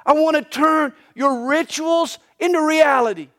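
A man's voice: extremely high pitch, a little slow, a bit bright, voice pushed up. A man preaching who quotes an earnest male teacher calling out to a crowd, in a pleading tone.

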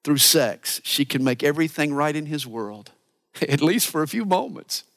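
A man preaching a sermon as a pastor, animated and earnest, dropping to hushed asides for emphasis. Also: on the high side, normal speed, gravelly. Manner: animated preaching, mimics voices for quotes.

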